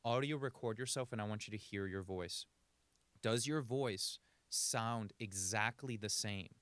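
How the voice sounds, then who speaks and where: Male communication coach, lowish voice, dry close mic, illustrative podcast advice. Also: measured pace, a bit bright, no echo. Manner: coaching, illustrative, varies speed for demonstration.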